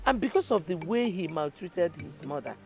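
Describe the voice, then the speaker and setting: A woman's voice: fairly low pitch, animated, moderate pace, darkish tone, soft background music. An actress with a Nigerian English accent playing a married woman who questions an elder pointedly. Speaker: wife.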